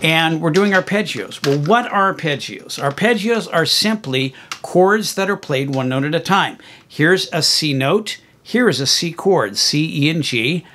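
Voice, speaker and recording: A man teaching music, walking through a software tutorial in a friendly, explanatory way with plenty of okays and ums. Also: a little high, animated, unhurried, noisy background. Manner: friendly, explanatory, fillers like okay and um. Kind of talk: screen-recorded software tutorial.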